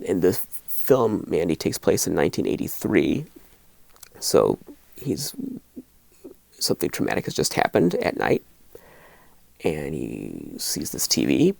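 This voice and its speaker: A middle-aged man hosting a horror video, talking casually to camera in a rambling, animated way with lots of restarts. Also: extremely low pitch, vocal fry, no room sound.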